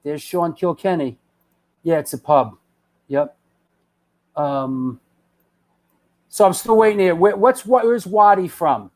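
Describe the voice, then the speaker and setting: A man hosting a live web show, rambling and excitable as he chats with viewers and restarts his sentences. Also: high-pitched, takes it slowly, long pauses. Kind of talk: casual live-stream chat, reading viewer comments.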